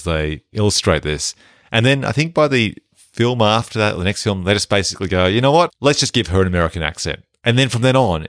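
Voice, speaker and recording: Deep-voiced man, dry close sound. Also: no room sound. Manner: relaxed, conversational, hands out mock awards. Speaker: podcast co-host. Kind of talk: casual film-review chat.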